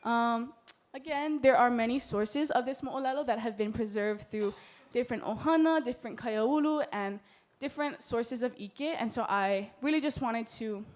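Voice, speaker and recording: Young woman, Hawaiian accent, earnest heartfelt symposium talk, slightly high voice. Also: normal speed. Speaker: student presenter. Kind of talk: symposium presentation. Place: lecture hall.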